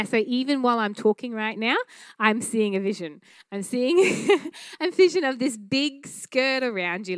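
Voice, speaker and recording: A woman teaching a church class on prophetic prayer, speaking in an earnest, conversational way with frequent fillers and quick laughs. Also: fairly high pitch, smooth, no room sound.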